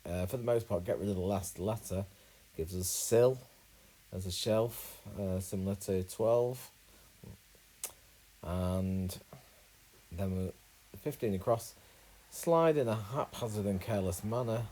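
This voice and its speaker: Relaxed man solving a crossword. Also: on the low side, unhurried, long pauses, poor audio. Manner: relaxed, thinking aloud with many uhs. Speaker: crossword solver. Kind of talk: casual crossword walkthrough.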